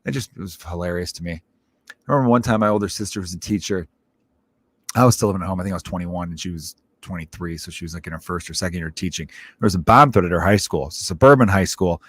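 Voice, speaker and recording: A comedian in his thirties hosting a podcast tells a candid, profane personal story that blends grief with jokes. His voice is low, husky and quick, with no room sound.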